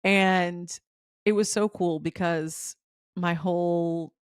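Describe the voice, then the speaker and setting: A woman's voice: fairly low pitch, steady tone, takes it slowly, smooth, dry recording, studio quality. A young adult woman hosting a podcast, telling a personal story in a chatty, giddy way with lots of "like" and little laughs. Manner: chatty, giddy, heavy use of "like", frequent laughs. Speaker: podcast host. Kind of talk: casual storytelling monologue.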